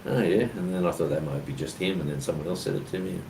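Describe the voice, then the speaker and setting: A man's voice: rumbling low, fairly even intonation, rapid-fire. An Australian man co-hosting a casual chat, telling rambling stories with lots of fillers. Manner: rambling storyteller with many fillers. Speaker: co-host. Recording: distant mic with clear background noise.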